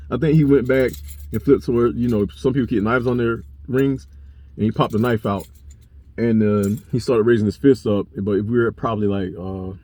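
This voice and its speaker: Young man telling a story bluntly. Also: fairly low pitch. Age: young adult. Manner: blunt, profane, animated retelling. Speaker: vlogger. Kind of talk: casual storytelling to camera.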